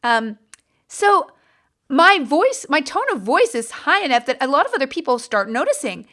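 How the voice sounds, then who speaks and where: High, animated woman telling a story. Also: normal speed. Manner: animated, chatty, with many fillers and restarts. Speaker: podcast host. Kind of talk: casual storytelling monologue.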